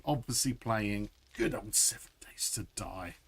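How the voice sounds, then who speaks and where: A man's voice: mid-range voice, animated, normal speed. A middle-aged man chatting through a live gameplay stream, laughing often and answering chat. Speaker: game streamer.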